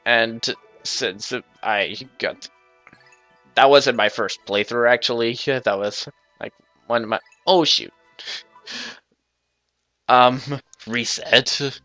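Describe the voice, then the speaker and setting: Man, let's play host, casual gameplay commentary, slow unhurried delivery, bright tense tone, rambling with restarts. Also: medium pitch, no room sound, soft background music.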